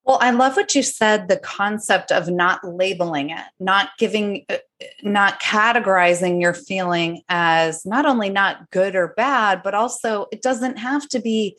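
A woman's voice: medium pitch, fairly bright tone. Thoughtful woman podcast host. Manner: thoughtful and measured. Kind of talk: casual conversation.

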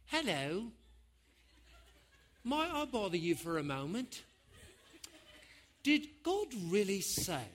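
A man voicing a smooth, overly courteous male serpent who coaxes gently. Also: high voice, big pitch swings, takes it slowly, pauses often, heavily acted. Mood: coaxing. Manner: courteous, hesitant, coaxing.

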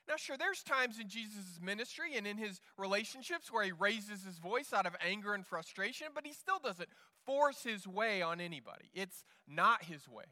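A man's voice: sits high, expressive, normal speed, hardly any pauses, sharp tone, long reverb tail. A male pastor preaching a sermon in an earnest way, often repeating words as he restarts.

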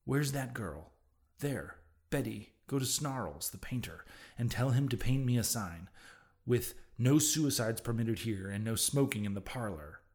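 A man voicing a flustered older landlady who scolds and frets in rapid exclamations, in an audiobook reading. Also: medium pitch, expressive, darkish tone. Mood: fretful scolding. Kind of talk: audiobook character voice.

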